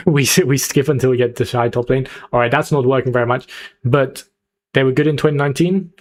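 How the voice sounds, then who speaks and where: A man's voice: mid-range voice, steady tone, fairly quick. A young man streaming live, chatting casually and hyping up his viewers as he picks a team. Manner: chatty, hyped, talks to chat. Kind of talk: casual livestream chat.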